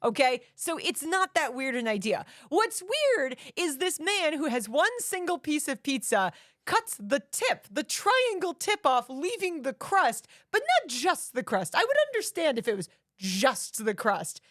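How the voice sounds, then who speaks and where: A young woman co-hosts a casual movie podcast, blunt and opinionated with the odd swear word. Her voice sits high and swings widely as she talks. The sound is dry and close. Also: big pitch swings, unhurried, fairly bright tone, no echo. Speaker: podcast co-host. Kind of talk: casual movie review chat.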